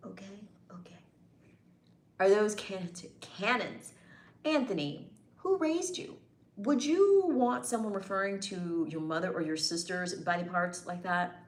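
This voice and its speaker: A woman's voice: medium pitch, lively intonation, unhurried. Teasing female streamer bantering with chat, roomy echo. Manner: playful, teasing, bantering with commenters. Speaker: livestream host reading chat. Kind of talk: casual live chat.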